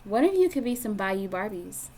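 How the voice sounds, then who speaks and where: A woman's voice: medium pitch, big pitch swings, moderate pace, background noise. A woman doing a casual tarot reading monologue, giggly and gushing, emotional and swearing freely. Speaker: tarot card reader. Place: indoors at a table.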